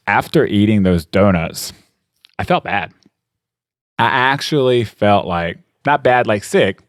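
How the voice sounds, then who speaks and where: A man's voice: fairly low pitch, no echo, studio quality. A man hosting a podcast, telling a story in a rambling, casual way, often asking "you know what I mean" and laughing as he talks. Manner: laughs often while talking. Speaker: podcast host.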